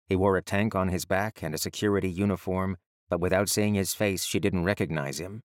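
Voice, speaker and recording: A man reading an audiobook in measured, even storytelling narration. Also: deep voice, dry recording, studio quality.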